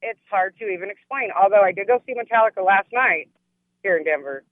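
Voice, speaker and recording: A woman's voice: mid-range voice, expressive, fast, no room sound. A woman calls in to a sports radio show, eager and emphatic. Her voice comes over a tinny, dry phone line. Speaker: caller. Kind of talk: call-in radio talk. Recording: phone-line call-in audio.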